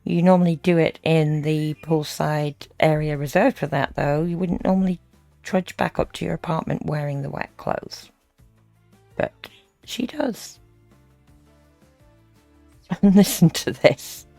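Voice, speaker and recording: A woman's voice: deep voice, unhurried, creaky, pauses often, dark tone, no echo, faint music behind. A woman giving dry, wry commentary over a played stream. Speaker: reaction video commentator.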